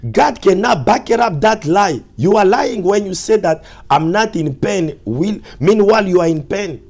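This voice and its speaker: A male pastor preaching a sermon, repeating his points with emphasis and dropping to soft, low asides. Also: expressive, normal speed.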